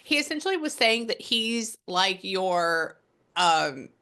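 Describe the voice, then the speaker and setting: A woman's voice: mid-range voice, big pitch swings, slow pace, sharp tone. A woman working as a psychic medium, talking casually and rambling through a spirit reading, with the odd swear word.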